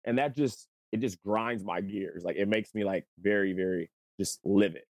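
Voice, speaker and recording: A man co-hosting casual sports talk, animated and profane. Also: moderate pace, no echo. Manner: animated, profane, jumps up in pitch. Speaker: sports podcast co-host.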